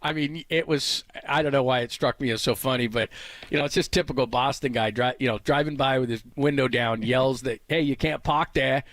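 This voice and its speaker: A man's voice: medium pitch, fairly even intonation, fairly quick, a bit bright, dry recording. A man from the San Francisco Bay Area hosting a sports radio show in casual chat, laughing often and reading lists aloud.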